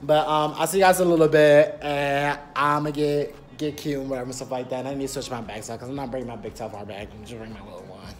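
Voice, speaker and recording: Speaking fast with few pauses and fairly even intonation, a young man with a medium-pitched voice vlogs from a rented apartment using his phone. He's chatty and rambling, with lots of fillers like "period."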